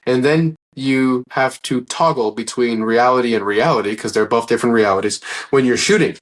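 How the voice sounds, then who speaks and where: A man's voice: medium pitch, normal speed. A man speaking as a guest in a casual interview, telling stories in an earnest, rambling way and often restarting his sentences. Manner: earnest, rambling, acts out quoted dialogue.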